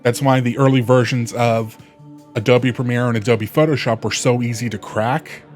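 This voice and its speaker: A man's voice: medium pitch, fairly even intonation, moderate pace, soft background music. A man hosting a live game stream, chatting casually and rambling with many restarts. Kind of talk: casual let's play commentary.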